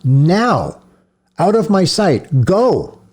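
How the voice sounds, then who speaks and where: A man reading a novel aloud, voicing a grieving male priest who swings from harsh commands to gentle coaxing. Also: low voice, sing-song, moderate pace, husky, exaggerated voice. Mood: shouting. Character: male priest, grieving, stern then tender. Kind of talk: audiobook character voice.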